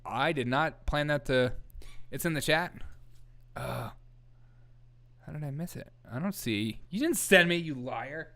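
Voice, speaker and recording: A man's voice: fairly high pitch, a little slow, long pauses, pushed and bright. A man hosting a live comedy news show, riffing on headlines with a joking, chaotic manner and frequent laughter. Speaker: host.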